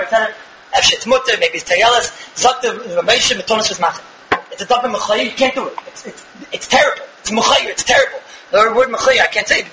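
A man's voice: sits high, reverberant, background noise. A man teaching a religious lecture with emphasis, firing off rhetorical questions and acting out little dialogues. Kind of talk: Torah lecture.

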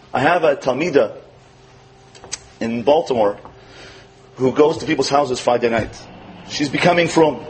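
A man giving a storytelling sermon as a religious teacher, acting out quotes with animation and dropping to soft, tender tones. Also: a little high, a little hiss or hum, low-quality recording.

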